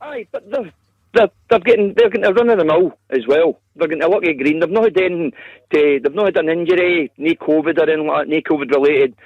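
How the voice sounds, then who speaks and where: Husky football caller on a phone. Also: male voice, a little high, fast talker, no echo, narrow, tinny audio. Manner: confident, defensive football fan. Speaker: radio caller. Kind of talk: phone-in call.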